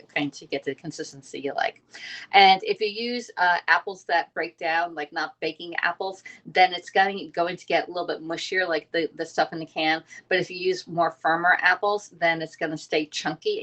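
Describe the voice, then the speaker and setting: A fast-talking woman, hosting a casual live cooking stream from her home kitchen and reading viewer comments aloud. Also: low-pitched, fairly bright tone. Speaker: livestream cooking host.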